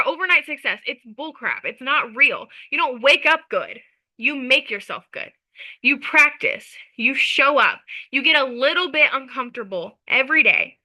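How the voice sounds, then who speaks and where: A woman giving an energetic motivational talk as a social media coach, emphatic and chatty, checking in with her listeners. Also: sits high, rough recording.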